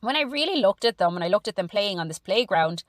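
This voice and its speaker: A woman's voice: mid-range voice, lively intonation, quick pace, dry recording, studio quality. A woman from Ireland co-hosting a podcast, speaking frankly and reflectively about her own struggles, sometimes swearing. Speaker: podcast co-host. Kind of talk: candid personal monologue.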